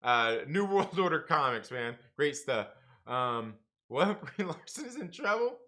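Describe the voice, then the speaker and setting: A man's voice: fairly high pitch, very animated, unhurried, sharp tone. A man hosting a comics livestream, chatting casually with viewers, laughing often and calling people man and bro. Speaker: comics review livestream host.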